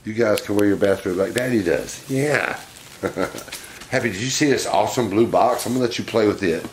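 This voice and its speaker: A man's voice: lowish voice, a little fast, a little hiss or hum. A man hosting a casual unboxing vlog, chatty and fond, often talking to his pets. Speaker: pet monkey owner and channel host.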